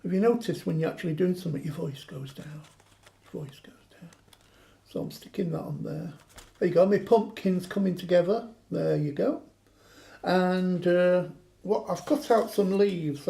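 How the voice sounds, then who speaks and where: A man's voice: high-pitched, vocal fry, mellow. A man chatting through a craft demonstration, joking and poking fun at himself. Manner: joking, self-mocking banter.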